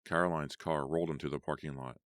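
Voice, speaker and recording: Very deep-voiced male audiobook narrator. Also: fairly even intonation, no echo, clean studio sound. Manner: measured storytelling. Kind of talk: first-person horror audiobook narration.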